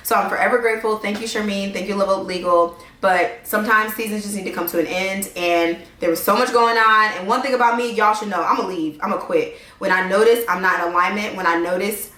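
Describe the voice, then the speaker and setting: A young woman chats straight to her viewers in a casual vlog, slangy, emphatic and animated. Her voice sits mid-range for a woman. It carries a roomy echo. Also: mid-range voice, fast, hardly any pauses. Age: young adult. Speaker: legal consultant and content creator. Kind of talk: casual talking-to-camera vlog.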